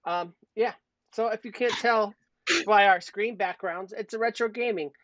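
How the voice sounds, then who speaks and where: A man's voice: high voice, normal speed, fairly bright tone, dry recording. A man co-hosting a casual livestream chat, jokey and rambling, laughing often as he reads out the chat. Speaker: podcast co-host. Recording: dull lo-fi stream audio.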